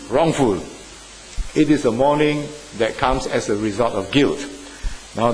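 A male preacher delivers a sermon with emphatic swings between loud, stressed phrases and hushed asides. His mid-pitched voice rings out with a long hall reverb, and a faint hiss sits under the recording.

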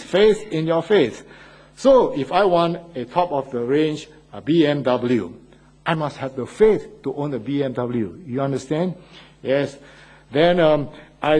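Male preacher, husky, somewhat high voice, emphatic sermon delivery with rhetorical questions. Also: a little mellow, low-quality recording. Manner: emphatic, repeats key phrases with rising questions to the congregation.

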